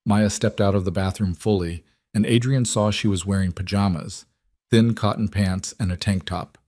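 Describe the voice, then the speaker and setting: A male narrator reading a scripted story in a steady, even way. His voice sits fairly low and is recorded close and dry, with no room sound. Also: normal speed, dry recording.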